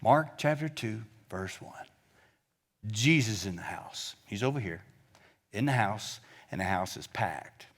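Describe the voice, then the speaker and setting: A man preaching a sermon as a guest preacher, retelling Scripture in a lively, joking, conversational way as he walks around. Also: lowish voice, measured pace. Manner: reads the Scripture aloud and then retells it in plain talk; gets the congregation to respond together.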